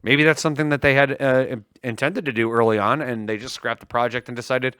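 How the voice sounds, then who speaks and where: A man's voice: medium pitch, clear, resonant tone, no echo, studio quality. A man co-hosting a casual tech and gaming livestream, joking around and reading sales promos. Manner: joking, animated, reads promos quickly. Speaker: livestream co-host.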